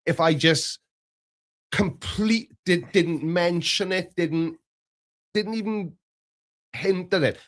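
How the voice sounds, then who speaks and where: A Welsh man talking casually on a live stream, with a voice sitting a touch high for a man. He chats loosely, laughs easily and often breaks off mid-word to restart. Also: takes it slowly, pauses often, a bit bright. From Wales. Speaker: streamer co-host. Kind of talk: casual chat.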